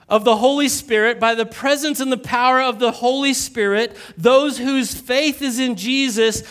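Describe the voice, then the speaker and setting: A male pastor with a notably high voice delivers a sermon. He repeats his points, throws questions and jokes to the congregation, and lifts and slows his voice on the words that matter. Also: fairly bright tone.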